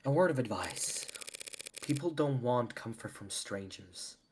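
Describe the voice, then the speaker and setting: A man voicing a gruff sarcastic detective. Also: mid-range voice, animated, measured pace, a little mellow, a little hiss or hum, natural voice. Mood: sardonic. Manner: blunt, sarcastic, swears. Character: gruff sardonic male detective, impatient. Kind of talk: live fan voice acting of a visual novel. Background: game music.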